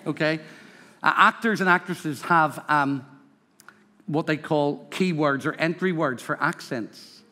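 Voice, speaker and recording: A man's voice: fairly high pitch, measured pace, bright, forceful tone. A man with a Northern Irish accent preaching a sermon to a congregation, emphatic and rhythmic, with humorous asides. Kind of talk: sermon with storytelling. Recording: reverberant hall.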